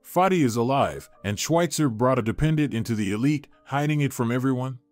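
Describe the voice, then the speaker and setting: A man's voice: mid-range voice, lively intonation, fairly quick, no echo, faint music behind, natural voice. A man reading the part of a young woman, exclaiming and upset. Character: young woman, anxious and teasing friend.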